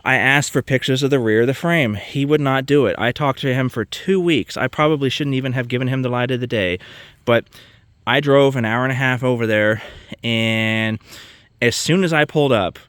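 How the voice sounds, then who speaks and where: Man, exasperated rant, cursing, mid pitch, dry close sound. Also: normal speed, a bit bright, clean tone, no room sound. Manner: exasperated, ranting, swears freely. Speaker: vlogger. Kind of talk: casual rant to camera.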